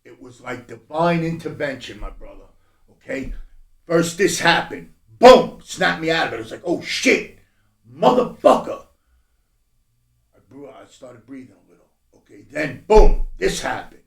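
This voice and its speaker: A middle-aged man telling his life story bluntly as a podcast guest, profane and swinging from low mutters to loud bursts. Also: expressive, normal speed, gravelly. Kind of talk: candid personal storytelling. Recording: roomy echo.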